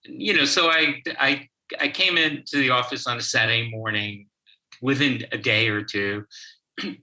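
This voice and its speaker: A man speaking as an interview guest, telling a story from his counseling work in a halting way with frequent restarts. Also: medium pitch, pushed and bright, rough recording. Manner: slow, halting, with many restarts. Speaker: guest, child therapist.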